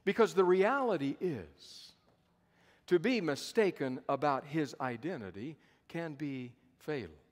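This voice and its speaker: A pastor in his fifties preaches a sermon at a conference, telling the story dramatically and repeating phrases for emphasis. His voice sits on the high side with lively intonation and an unhurried pace. The conference hall gives the recording a long reverb.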